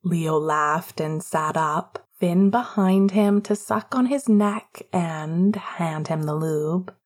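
A woman narrating a romance audiobook in a hushed, often half-whispered delivery. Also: on the low side, slow.

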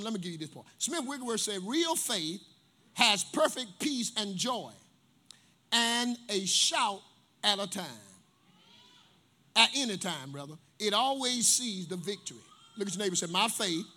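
A man's voice: high-pitched, normal speed. A male pastor preaching a sermon, telling stories and calling on the congregation to respond. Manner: animated preacher, storytelling with call-and-response.

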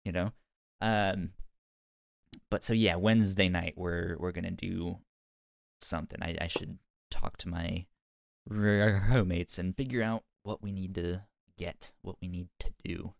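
A man hosting a podcast, speaking in casual chat with a halting manner and many restarts. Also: low voice, fairly even intonation, vocal fry, dry recording, studio quality. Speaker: podcast host.

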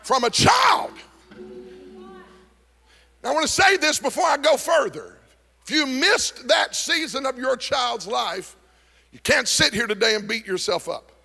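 A male pastor delivering a sermon to a congregation, moving from folksy storytelling to fervent shouted preaching. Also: extremely high pitch, normal speed, gravelly, breathy edge, soft background music. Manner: animated preaching that builds to shouting. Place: church service before a congregation.

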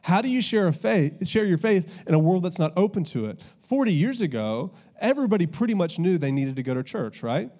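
A man's voice: high-pitched, sing-song, brisk, few pauses, dark tone. A man preaching a sermon as pastor, telling stories with casual asides to the congregation. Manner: conversational storytelling, audience asides.

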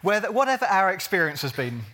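A man preaches to his congregation in a bright, forward voice that sits a little high. He keeps it earnest, then slips in jokey asides and stretches words out slowly for emphasis. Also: very animated. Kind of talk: sermon.

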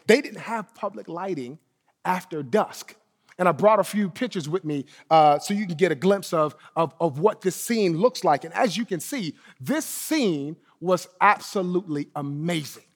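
High-voiced preacher in an echoing hall. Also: male voice. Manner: emphatic preaching, repeats key phrases, drops to soft low endings. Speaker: pastor. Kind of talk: sermon.

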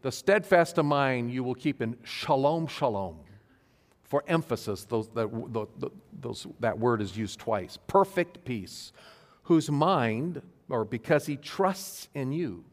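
A male pastor giving an earnest sermon to his congregation, stressing key phrases slowly. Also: medium pitch, animated. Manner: earnest, emphatic preaching with slow stressed phrases. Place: church sanctuary. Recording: long hall reverb.

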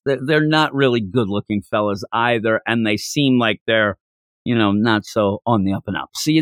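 A man hosts a manga podcast in a mid-range voice with no room sound. He talks casually and rambles in an animated way, acting out quotes as he goes.

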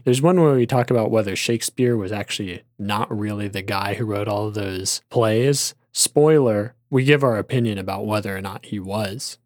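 A man's voice: mid-range voice, no echo. Wry man podcaster, dry mic. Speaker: podcast co-host. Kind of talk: casual chat and read promo.

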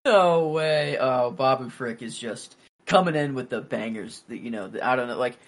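A man's voice: medium pitch, normal speed. Playful man co-hosting a podcast. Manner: playful, laughs often. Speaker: podcast co-host. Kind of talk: casual chat.

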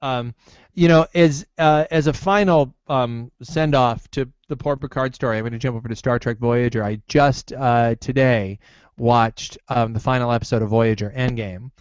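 A man chatting casually on a podcast, deadpan, with crude jokes and hesitant ums. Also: mid-range voice, clear, resonant tone, dry recording, highs cut off. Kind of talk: casual chat.

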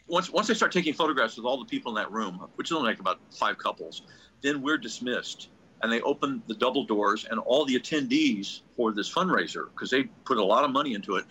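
A man, a ventriloquist guest, telling anecdotes in a casual, animated way, often restarting his sentences. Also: mid-range voice, slight background noise, low-quality recording. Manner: animated storyteller, restarts often, acts out quotes.

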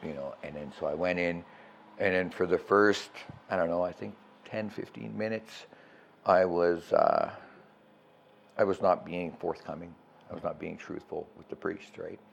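A man's voice: low-pitched, normal speed, gravelly, highs cut off, slight background noise. A middle-aged man telling his recovery story as a guest, candid and profane, often checking in with "right?".

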